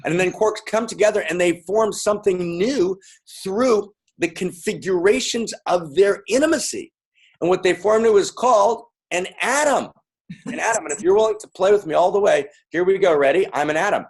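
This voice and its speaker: A man's voice: sits high, lively intonation, brisk, husky. A man giving a playful, interactive talk to a live audience, calling out to them and repeating lines. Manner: playful, repetitive, calling out to the crowd. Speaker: speaker.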